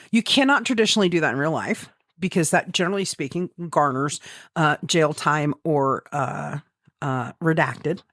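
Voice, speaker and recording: Swearing, animated woman telling gaming stories. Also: low-pitched, moderate pace, no echo, clean studio sound. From American Midwest. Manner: swears freely, animated storytelling with quoted asides. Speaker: podcast co-host. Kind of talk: casual chat.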